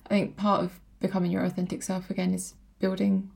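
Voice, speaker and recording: A woman co-hosting a podcast in casual chat, relaxed and prone to tangents. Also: medium pitch, fairly quick, vocal fry. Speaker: podcast co-host.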